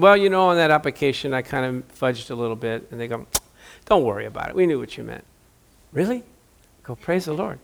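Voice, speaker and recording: Animated, high-voiced preaching man. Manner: conversational, jokey preaching with acted-out quotes. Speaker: pastor. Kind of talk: sermon.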